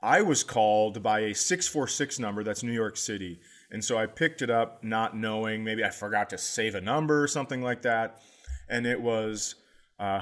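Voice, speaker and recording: A man's voice: fairly low pitch, moderate pace. A man co-hosting a casual podcast, joking and acting out phone calls and movie quotes, with casual swearing. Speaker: podcast co-host, comedian. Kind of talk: casual chat.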